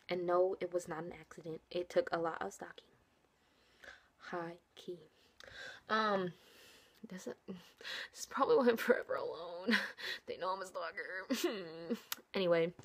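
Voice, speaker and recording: A young woman chats into her camera in a casual vlog, recounting a story in an excitable, rambling way. She fills her sentences with ums and likes and pokes fun at herself as she goes. Her pitch sits in the middle for a woman. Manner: excitable, rambling, self-mocking, many fillers. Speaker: vlogger.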